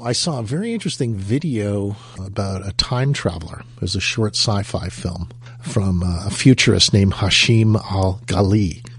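Man, low and husky, relaxed show host who chats and introduces segments. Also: normal speed. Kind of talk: casual co-hosted show talk.

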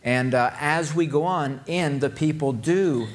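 A man's voice: fairly high pitch, unhurried. Man giving a conversational Bible teaching. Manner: reads scripture then explains with rhetorical questions.

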